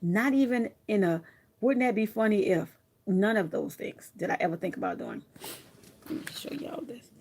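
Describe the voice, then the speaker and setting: A woman crafter chatting casually to her viewers, telling stories in a lively, animated way with frequent laughs and asides. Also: mid-range voice. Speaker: craft vlogger.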